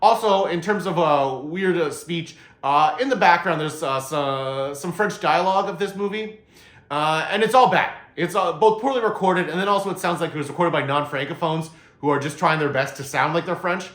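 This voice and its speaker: A man's voice: fairly high pitch, moderate pace, a bit bright. Rambling male movie reviewer, roomy echo. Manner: meandering, many "uh" fillers and restarts. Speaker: movie reviewer, channel host. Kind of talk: casual spoken movie review.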